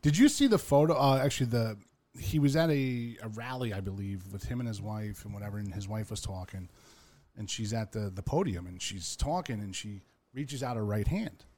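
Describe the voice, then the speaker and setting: A man's voice: on the low side, fairly quick, darkish tone. A man hosting a casual podcast chat, teasing and swearing. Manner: teasing, profane.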